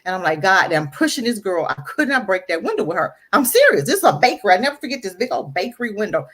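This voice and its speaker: Guest, woman, middle-aged, breathy voice, mid pitch, candid storyteller who hammers her points home. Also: very animated, very fast, a bit bright. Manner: emphatic, preachy, repeats phrases for stress. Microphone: audio-only radio show recording.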